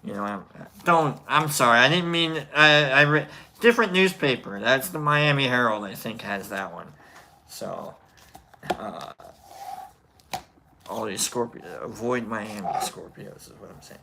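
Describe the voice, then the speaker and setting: A man's voice: medium pitch, expressive, unhurried, vocal fry, bright, forceful tone, slight background noise, poor audio. A man hosting a casual livestream, rambling and joking with many self-corrections. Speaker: livestream host.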